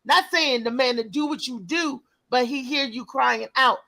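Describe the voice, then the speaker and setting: A woman hosting a casual talk show, lively and prone to repeating words as she starts a thought. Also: high-pitched, moderate pace, rough recording. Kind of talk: casual call-in chat.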